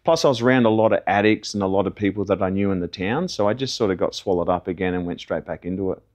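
A middle-aged man speaking in a somewhat low voice. He tells his own testimony in an earnest, conversational way, like he's chatting across a table. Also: fast talker, darkish tone. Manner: earnest, conversational storytelling with acted quotes. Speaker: testimony guest. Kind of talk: personal testimony.

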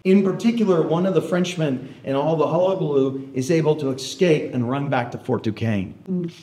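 A male historian spins a lively story for a room of listeners, often checking in with them. His voice sits a bit high, and the hall adds a roomy echo. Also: moderate pace. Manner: animated, keeps checking in with the audience. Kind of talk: storytelling lecture.

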